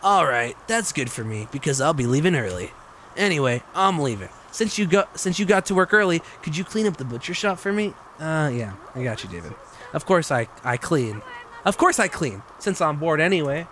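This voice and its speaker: A young man streaming gameplay commentary, excitable and joking, swearing freely. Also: a little high, normal speed, a little hiss or hum.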